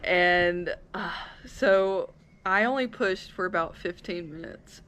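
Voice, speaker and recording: A young woman casually telling her birth story as a vlogger, animated and acting out her own yells and quotes. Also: fairly low pitch, takes it slowly.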